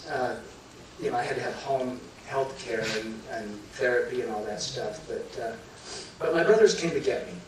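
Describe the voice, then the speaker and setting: A middle-aged man telling an emotional personal story to a live audience, halting and restarting, choking up at times. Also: mid-range voice. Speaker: guest telling his near-death story. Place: large hall before a live audience. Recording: very echoey hall, voice from far off, clear room noise.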